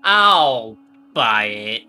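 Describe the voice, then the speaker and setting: A man's voice: medium pitch, very animated, very slow, sharp tone, soft background music. A man playing a tabletop game, talking hesitantly and asking questions. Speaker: player.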